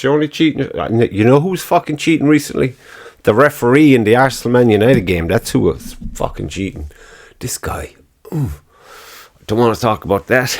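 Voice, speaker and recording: A man hosting his own podcast in casual solo chat, rambling, swearing freely and laughing at his own remarks. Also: medium pitch. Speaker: podcast host.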